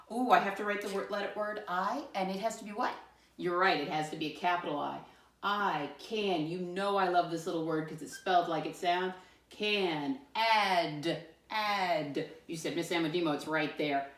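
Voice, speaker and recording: A woman teacher giving a first-grade math lesson, talking to young children in an animated, encouraging way. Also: fairly low pitch, normal speed. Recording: echoey room, mic at a distance.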